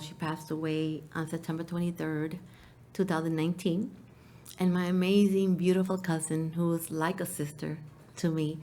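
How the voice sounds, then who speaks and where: A woman's voice: low voice, mellow, a little hiss or hum. A woman appearing as a talk show guest who speaks in a heartfelt, emotional way and often laughs.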